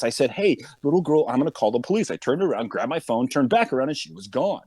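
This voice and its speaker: A man's voice: medium pitch, quick pace, few pauses, no echo. A man telling a story in casual chat, acting out the people in it as he goes. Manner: animated, acts out quotes of others. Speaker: podcast guest, police officer.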